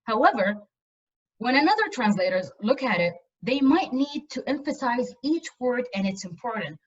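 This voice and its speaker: A woman's voice: a little high, sing-song, normal speed, slightly rough. Woman lecturing over a muffled video call. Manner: earnest, emphatic with frequent repetitions. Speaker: university lecturer. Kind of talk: online lecture.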